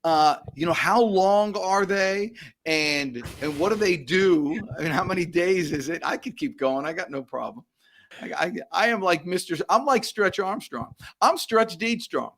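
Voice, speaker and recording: A man's voice: sits high, expressive, moderate pace, fairly bright tone. A man hosting a live online show over a video call, joking and rambling with frequent stumbles and laughs. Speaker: livestream show host. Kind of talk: casual live show banter.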